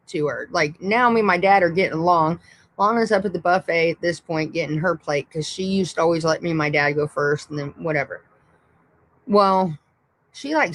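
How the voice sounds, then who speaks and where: A woman's voice: lowish voice, a bit bright, low-quality recording. A woman hosting a livestream, telling a rowdy personal story in a rambling, profane, blunt way. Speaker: livestream host. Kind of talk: casual storytelling.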